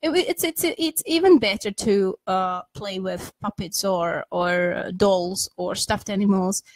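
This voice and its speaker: A woman's voice: medium pitch, measured pace, no echo, poor audio. A woman speaking casually as a guest on a parenting podcast, chatty and full of restarts and asides. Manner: chatty, many restarts and "you know", laughs easily.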